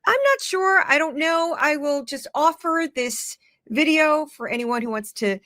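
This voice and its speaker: A woman's voice: high voice, expressive, a little slow, fairly bright tone, no room sound, clean studio sound. A woman narrating a video voice-over, cautious and matter-of-fact. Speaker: clip narrator. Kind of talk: scripted voice-over.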